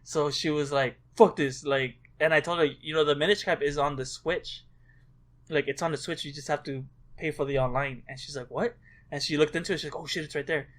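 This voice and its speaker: Excitable, foul-mouthed man, fairly high voice. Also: fairly quick. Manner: excitable storyteller, swears a lot. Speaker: podcast co-host. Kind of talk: casual chat.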